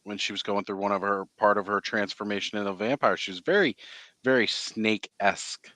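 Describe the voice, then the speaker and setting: Casting: lowish male voice, rambling podcast co-host, dry close recording. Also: fairly quick, pushed and bright, no echo. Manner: rambling, many "you know" fillers. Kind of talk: casual chat.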